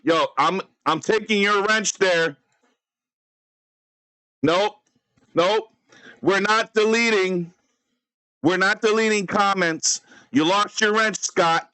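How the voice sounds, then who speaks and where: Mock-furious high-voiced man ranting. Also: slow pace, long pauses, bright, forceful tone, no echo, poor audio. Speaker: streamer. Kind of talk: live stream rant.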